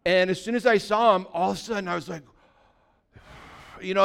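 A man in his fifties from California preaches through a personal story, anecdotal and lively. His voice is smooth and resonant and sits somewhat high for a man. He breaks into sudden loud bursts as he tells it. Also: fairly quick. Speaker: pastor. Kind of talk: sermon storytelling.

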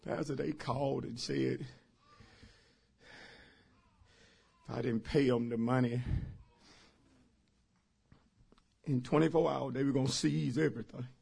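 Man putting on a sobbing church lady, husky hushed voice, stammers and pleads. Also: medium pitch, fairly even intonation, fairly quick, voice pushed down. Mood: panicked. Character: distraught woman congregant, overwhelmed and pleading.

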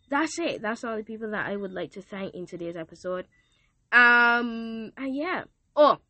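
Bright-voiced teenage girl podcasting. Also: mid-range voice, no echo. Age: teens. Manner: chatty, affectionate, rambling with fillers. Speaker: podcast host. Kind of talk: casual faith podcast thank-you message.

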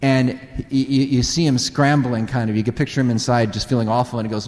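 A man preaching a sermon in an animated way, acting out dialogue and putting questions to the audience. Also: medium pitch, quick pace, hardly any pauses, big-room sound.

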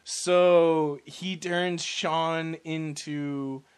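A man with a noticeably high voice talks through a movie in loose, casual podcast chat. He swears freely, throws in quick jokes and laughs often. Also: steady tone, clean tone. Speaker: podcast co-host.

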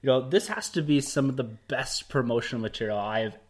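Guy co-hosting a podcast, easygoing chatty talk, mid pitch. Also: fairly quick. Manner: laid-back, chatty, laughs easily. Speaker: podcast co-host. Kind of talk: casual chat.

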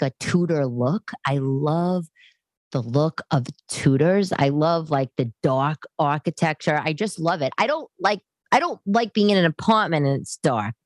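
This podcast host, a middle-aged woman at home in her living room, has a deep voice and wanders from tangent to tangent in a chatty, casual monologue. There's no room sound on the recording.

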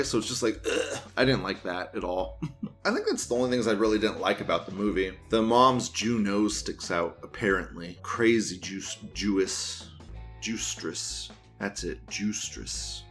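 A crude, rambling male host who swings his pitch widely while he rants and laughs often. Faint music plays underneath. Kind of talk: casual ranting commentary.

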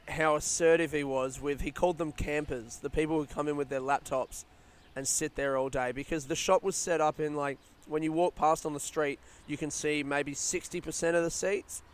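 A young Australian man hosting a casual solo podcast outdoors, rambling through stories in a chatty, rushed way. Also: on the high side, clear, resonant tone. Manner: rambling, chatty, retelling stories with quoted voices. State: yawning, a bit rushed. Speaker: podcast host. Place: outdoors in a smoking area by a housing estate.

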